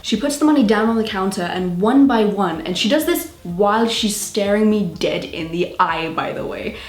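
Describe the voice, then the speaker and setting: A young woman with a British accent telling a storytime vlog in an animated, exasperated way. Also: medium pitch, moderate pace, echoey room. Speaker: vlogger.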